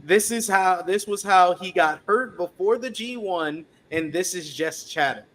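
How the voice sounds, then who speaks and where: A man's voice: high voice, unhurried. A man co-hosting a live stream, breaking down an upcoming card in a casual chatty way and reading out viewer comments. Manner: reads out chat comments, chatty and animated. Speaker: podcast co-host previewing wrestling card.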